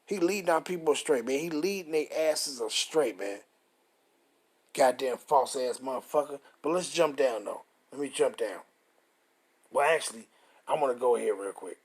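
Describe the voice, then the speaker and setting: A man reading scripture aloud and commenting on it, profane and combative, slowing down to stress the verses. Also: mid-range voice, breathy edge. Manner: profane and combative, reads verses slowly and forcefully.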